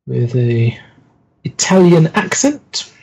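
Slow, husky-voiced male game master. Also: medium pitch, very animated, a little mellow, low-quality recording. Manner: slow, hesitant, lots of ums. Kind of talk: narrating a tabletop horror game.

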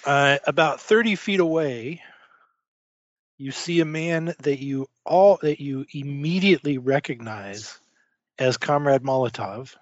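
A man narrates a tabletop horror game as game master. He talks slowly and haltingly, padding his lines with fillers. His voice is dry and close, with dull lo-fi sound. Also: medium pitch, no room sound.

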